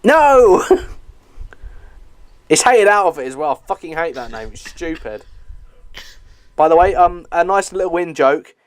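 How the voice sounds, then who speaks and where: A man's voice: on the high side, lively intonation, moderate pace, no echo. A young man giving a casual movie commentary, chatty and swearing, with lots of fillers and laughs.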